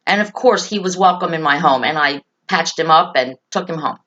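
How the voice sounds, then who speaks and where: A woman's voice: sits low, brisk, a bit bright. Earnest woman repeating reassurances, lo-fi sound. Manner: emphatic, repeats key phrases for reassurance. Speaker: host. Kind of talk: earnest direct talk to parents and children.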